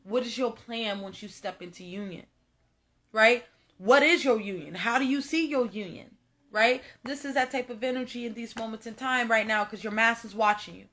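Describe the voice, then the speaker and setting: A young woman delivers a casual tarot reading straight to her audience. Her voice is bright and forceful. She talks emphatically, swears freely, and keeps circling back to the same phrases. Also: on the high side, normal speed. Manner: emphatic, repetitive, profane, addresses viewers directly. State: tearful at moments. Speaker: tarot reader. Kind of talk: casual spiritual reading monologue.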